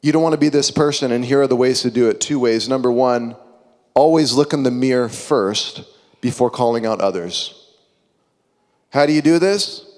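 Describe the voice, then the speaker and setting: Young man, preacher, sermon, animated, conversational, long hall reverb. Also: medium pitch, moderate pace. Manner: animated, conversational, acts out quotes.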